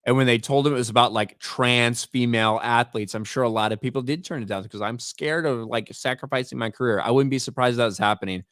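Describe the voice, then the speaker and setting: A man's voice: medium pitch, quick pace, hardly any pauses, fairly bright tone, no echo. A man hosting a live stream, talking in blunt, profane commentary and reading out names from his chat. He often stumbles and repeats words as he gets going. His voice sits in a middle range, and the recording is dry with no room sound. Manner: reads chat names and donations aloud. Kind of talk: casual livestream commentary.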